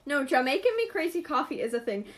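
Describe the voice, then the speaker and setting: Giggly high-voiced young woman podcaster. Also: very animated. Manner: giggly, punning, quick bursts. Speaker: podcast co-host. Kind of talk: casual chat.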